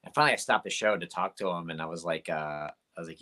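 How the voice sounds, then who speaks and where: A man's voice: low-pitched, fast, hardly any pauses, bright, forceful tone. A young comedian telling stories from his shows in a casual interview, rambling with lots of "like" and fillers. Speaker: comedian guest.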